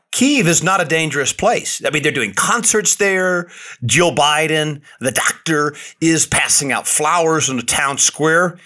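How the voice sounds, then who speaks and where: A man's voice: a little high, pushed and bright. A man hosting his own podcast, delivering an indignant political monologue, repeating words for emphasis. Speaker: podcast host.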